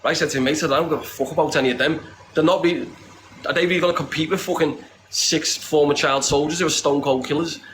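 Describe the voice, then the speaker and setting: A northern English man speaking in a blunt, impassioned interview, his voice sitting a little high for a man. He swears freely, keeps calling the listener "lad", and hammers the same points home again and again. A faint hiss of room noise sits under his voice. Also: steady tone, fast talker, a bit bright, poor audio. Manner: emphatic, repeats himself. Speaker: interviewee, charity campaigner. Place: secure compound, indoors.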